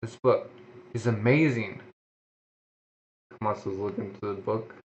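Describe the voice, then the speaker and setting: A man's voice: fairly low pitch, steady tone, muffled recording. A man reading a manga aloud, voicing the sound effects and often restarting his sentences. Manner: halting reading with frequent restarts. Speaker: manga reader.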